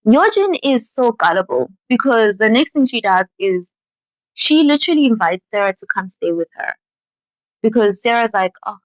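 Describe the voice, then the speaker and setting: A young woman in a casual, animated show recap, full of "like". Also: a little high, moderate pace, no room sound, rough recording. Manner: animated storytelling, lots of "like". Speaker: vlogger.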